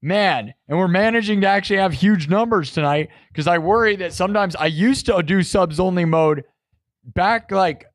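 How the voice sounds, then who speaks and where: A man's voice: high-pitched, normal speed, no echo, clean studio sound. A man hosting a live stream, chatting in a rambling, jokey way and talking straight to his chat. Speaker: live-stream host and musician.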